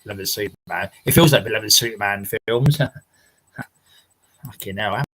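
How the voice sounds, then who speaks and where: Reading viewer comments aloud, this livestream host chats from his house in a meandering way, laughing a lot and cursing now and then. He speaks at a normal speed in a fairly low, somewhat bright voice, and the audio quality is poor.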